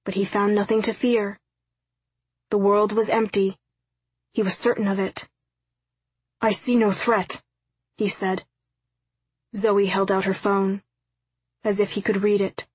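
Husky woman reading an audiobook. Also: medium pitch, no echo, poor audio. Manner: steady, measured reading. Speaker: audiobook narrator. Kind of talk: scripted narration.

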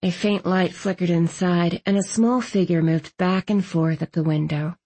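A woman reading a first-person novel aloud as an audiobook narrator, brisk and expressive. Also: lowish voice.

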